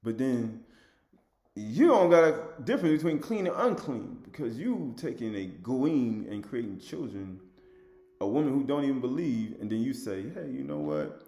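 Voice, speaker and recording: A man giving an informal sermon, reading scripture in a raised voice and then commenting in a lower, emphatic, repetitive way. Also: sing-song, normal speed, mellow, roomy sound. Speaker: religious lecturer.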